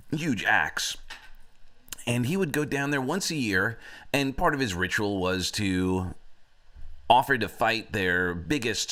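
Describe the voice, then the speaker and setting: A man's voice: on the low side, sharp tone. A man hosting a motivational talk who tells a story in a reflective way, with many fillers. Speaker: host.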